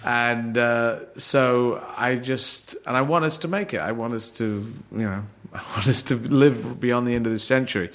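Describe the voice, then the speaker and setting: A middle-aged man born in Yemen, a comedian chatting on a podcast, rambling and playful, slipping into quick mock voices. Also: medium pitch, fairly bright tone. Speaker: comedian guest. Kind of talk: casual podcast chat.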